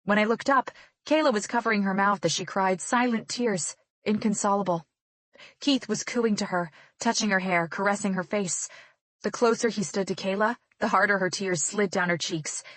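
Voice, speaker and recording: A woman narrating a first-person novel with tense, dramatic delivery. Her voice sits at a medium pitch, recorded dry and close. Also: normal speed, fairly bright tone, no echo. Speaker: audiobook narrator.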